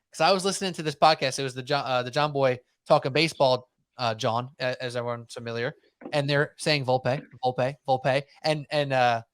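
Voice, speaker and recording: A man hosting a sports podcast in casual chat, talking in animated, rambling runs and mocking himself. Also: medium pitch, smooth, no room sound, clean studio sound. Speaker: podcast host.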